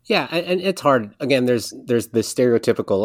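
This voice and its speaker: A man hosting a podcast interview, asking questions in a quick, playful and teasing way. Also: mid-range voice, very animated, no room sound, clean studio sound. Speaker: podcast host. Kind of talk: interview conversation.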